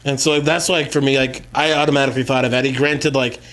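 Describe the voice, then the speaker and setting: A man's voice: mid-range voice, flat delivery, fast, fairly bright tone. A man co-hosting a wrestling podcast, rambling in casual chat with lots of fillers and some swearing. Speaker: podcast co-host.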